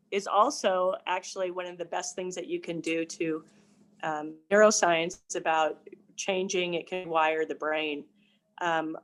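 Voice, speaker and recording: An older woman, a family counselor, explaining parenting ideas in an earnest casual discussion. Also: lowish voice. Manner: earnest, explanatory, some restarts.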